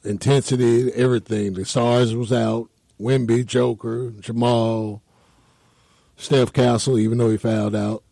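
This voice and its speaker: Husky, mellow-voiced man. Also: mid-range voice, level tone, unhurried, no room sound. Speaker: radio sports show co-host. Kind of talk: casual chat.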